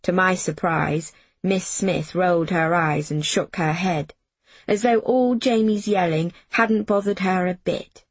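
A woman reading a first-person story aloud in a measured storybook narration. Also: on the low side, steady tone, breathy edge, dry recording. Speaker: audiobook narrator.

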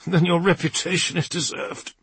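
A man's voice: a little high, level tone, normal speed, creaky, fairly bright tone, breathy edge, dry recording, pitched above the performer's own voice, full character voice. A man voicing a wounded, proud male warrior who answers in a strained, defiant tone.

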